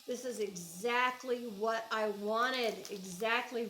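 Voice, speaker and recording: A woman's voice: on the high side, measured pace, few pauses, a bit bright, slight background noise, poor audio. A woman with an Oklahoma accent, chatting casually and gushing as she unboxes yarn at home for her crochet vlog. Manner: chatty, gushing, thinks aloud. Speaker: crochet vlogger.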